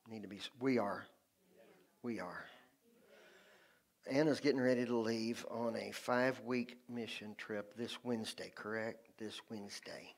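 A man leading a church service as pastor, fervently repeating short phrases for emphasis. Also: on the low side. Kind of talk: sermon. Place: church sanctuary.

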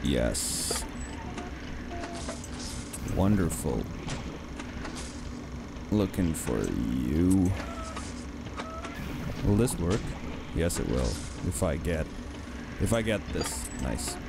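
A man giving casual gameplay commentary as host of a let's play, thinking aloud in a musing, halting way. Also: low-pitched, lively intonation, heavy background noise. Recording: game music clearly behind.

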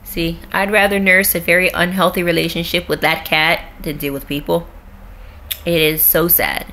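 Young female vlogger, lower register, blunt and profane, ranting casually from home. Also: little pitch movement, moderate pace, sharp tone. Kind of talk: casual vlog rant. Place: at home with her cat.

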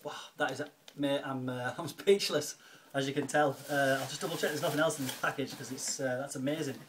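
There's slight background noise as a man, a film collector and video blogger, chats in a home vlog. He speaks fast in a medium-pitched, fairly bright voice with flat delivery, thanking a friend gratefully while peppering his talk with ums and restarts.

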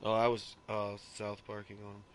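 A man streaming a game and chatting casually, ranting loudly with profane jokes. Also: fairly low pitch, monotone, normal speed. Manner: loud, ranting, profane joking. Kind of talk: casual gaming stream chat.

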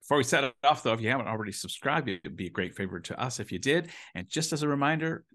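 A man's voice: mid-range voice, animated, fast, a bit bright. American man co-hosting a film chat. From United States. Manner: enthusiastic, rambling, with restarts. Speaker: podcast co-host. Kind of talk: casual film review chat.

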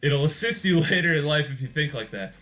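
A man's voice: on the high side, lively intonation, a little fast, fairly bright tone, slight background noise. A young man hosting a gaming channel, giving casual gameplay commentary in a rambling, joking way and often laughing mid-sentence.

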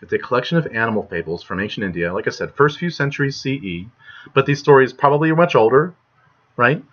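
Young male lecturer, casual and chatty, husky voice, dull home recording. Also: mid-range voice, animated, fast talker. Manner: chatty, lots of "right?" and "like". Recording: muffled lo-fi recording.

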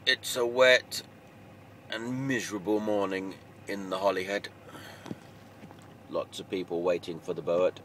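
A man's voice: steady tone, a little slow, long pauses, low-quality recording. A man, chatting wryly and self-mockingly to camera as he drives his truck. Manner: chatty, wry and self-mocking, mild swearing. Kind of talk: casual running commentary while driving. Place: inside a truck cab. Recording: loud engine and road noise. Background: truck engine and road rumble.

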